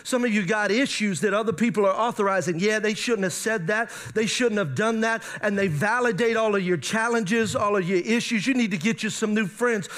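A man preaching a sermon as a pastor, animated and asking his congregation questions as he goes. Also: high-pitched.

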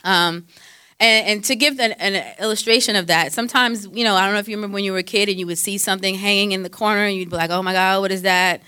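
A woman's voice: mid-range voice, fast talker, bright, forceful tone, smooth, dry recording, clean studio sound. A woman counselor giving faith-based advice in a conversational way, quoting scripture and using frequent fillers.

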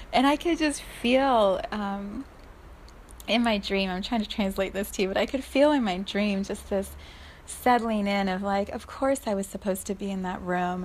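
Chatty woman telling a story, fairly high voice. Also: slight background noise. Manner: chatty, animated, laughs often. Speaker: energy healer. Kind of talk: casual storytelling monologue.

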